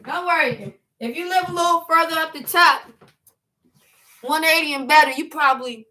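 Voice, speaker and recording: A woman, hosting a casual livestream chat, joking and animated. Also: high-pitched, normal speed, slight background noise. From New York. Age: 40s. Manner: animated, joking, breaks into laughs and shouts. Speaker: livestream host.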